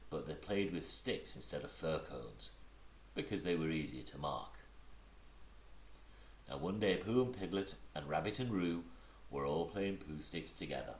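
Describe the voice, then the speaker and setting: A deep-voiced man reads a children's storybook aloud with lots of rise and fall in his voice, now and then stumbling and correcting himself. The sound is roomy and echoey. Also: measured pace, a little hiss or hum. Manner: animated, with slips and corrections. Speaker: reader. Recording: roomy echo.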